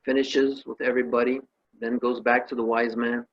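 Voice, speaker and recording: A man's voice: mid-range voice, little pitch movement, moderate pace, muffled recording. A man giving an emphatic spiritual talk, telling a parable and listing emotions with rising force. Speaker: spiritual teacher.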